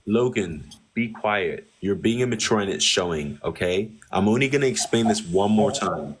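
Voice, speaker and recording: A man's voice: fairly low pitch, lively intonation, moderate pace, husky. A young adult man hosting a heated live-stream debate, speaking in a smug, condescending manner and repeating the same set phrases. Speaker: debate host.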